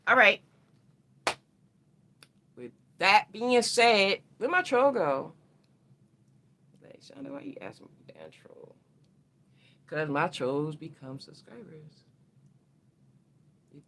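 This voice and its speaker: Gravelly, bright-voiced woman chatting live. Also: sits low. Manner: slangy, rambling, talks straight to viewers. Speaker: astrology livestream host. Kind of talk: casual livestream chat.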